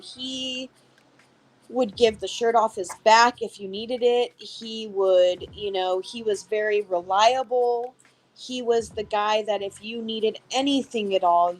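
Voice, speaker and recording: A woman's voice: on the high side, a little mellow, rough recording. A woman speaking as a guest in a casual interview, talking in a heartfelt, reminiscing way.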